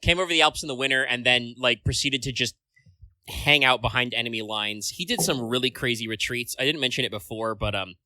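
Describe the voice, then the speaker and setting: Rambling man with a sharp, forceful voice. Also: medium pitch, fairly quick, no echo. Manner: rambling, full of filler words and casual swearing. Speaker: podcast co-host. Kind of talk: casual podcast chat.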